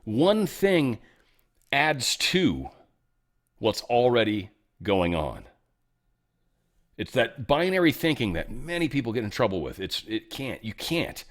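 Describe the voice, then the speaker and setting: A man's voice: mid-range voice, unhurried, pauses often. A man hosting an online talk show, talking in a loose, rambling way with many asides. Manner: animated, rambling, fond of asides. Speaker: show host. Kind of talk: casual political commentary.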